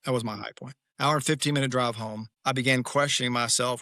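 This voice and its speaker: A middle-aged man with a gravelly, forceful voice tells a candid personal story on a podcast. He speaks emphatically and restarts his sentences often. The sound is dry and close, with no room echo. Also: medium pitch, steady tone, fast talker. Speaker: guest author.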